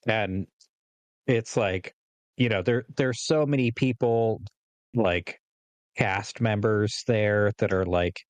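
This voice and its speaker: A man's voice: fairly low pitch, takes it slowly, long pauses, no echo. A man in his forties from California, co-hosting a podcast in a rambling casual chat full of fillers and laughs. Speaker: podcast co-host.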